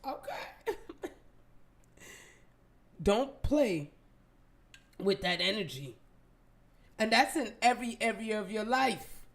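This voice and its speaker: A woman leading a motivational affirmation talk, blunt and profane, hammering points with forceful emphasis. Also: medium pitch, expressive, unhurried, long pauses. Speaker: motivational speaker.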